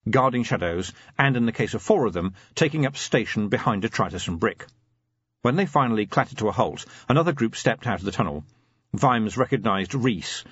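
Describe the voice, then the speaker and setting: A man narrating an audiobook in an expressive storytelling manner. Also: on the low side, slightly rough, no room sound, dull audio. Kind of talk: scripted fantasy narration.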